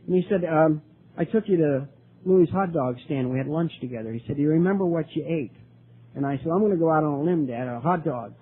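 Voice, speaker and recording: An older man speaking at a recovery meeting, telling his story earnestly, with many halting restarts. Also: a little high, breathy edge. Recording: tinny lo-fi recording, faint hiss.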